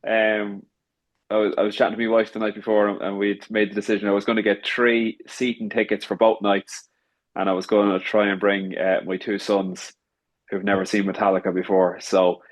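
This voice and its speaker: A middle-aged man in casual podcast chat, telling a story methodically and repeating words as he restarts. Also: fairly low pitch.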